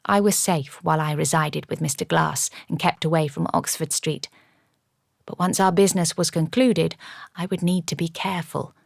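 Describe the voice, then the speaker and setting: A woman narrating a first-person audiobook in a measured, even storytelling manner. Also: low-pitched, creaky, no room sound. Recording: dry studio audiobook.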